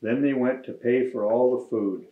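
A man reading a children's picture book aloud to students in a deliberate storytelling manner. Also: mid-range voice. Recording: roomy, slightly dull recording.

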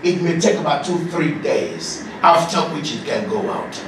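A man giving an animated, joking masterclass as a leadership coach, often laughing and shouting. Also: fairly high pitch, normal speed. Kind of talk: lively masterclass talk to an audience. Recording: echoey hall, distant mic, noisy.

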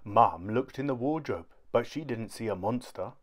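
A man reading a children's storybook aloud in a clear, even narrating voice. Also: mid-range voice, normal speed. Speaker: storybook reader.

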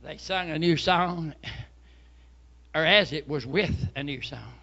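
A man, preaching a fervent sermon and often shouting hallelujah. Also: a little high, measured pace, vocal fry, dull audio. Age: 70s. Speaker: pastor.

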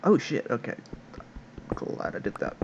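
A man's voice: a little slow, background noise. A nineteen-year-old man chatting casually over gameplay, laid-back and a bit hesitant. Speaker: gameplay video co-player. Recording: dull lo-fi mic.

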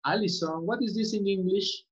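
Medium in pitch and normal in speed, a woman's voice leads an online English class. She repeats words and regularly asks "okay?" to check her students' understanding, all in muffled, lo-fi sound.

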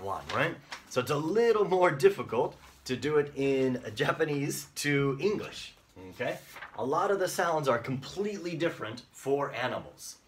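A male English teacher in an online lesson, acting out sounds playfully and mixing in Japanese words. His pitch moves up and down freely while he keeps an unhurried pace. He sounds a little distant from the mic.

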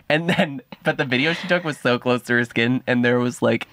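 A man's voice: medium pitch, moderate pace, a bit bright, no echo. A young man co-hosting a podcast, teasing his friend in casual banter. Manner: teasing, sing-song banter. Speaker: podcast co-host. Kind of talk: casual chat.

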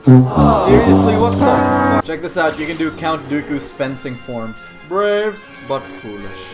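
A young man giving excited, jokey commentary while playing a VR game, taunting enemies and shouting at the action. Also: medium pitch, measured pace, music in the background. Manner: playful, jokey, yells at enemies. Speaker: gaming YouTuber. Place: home, playing VR.

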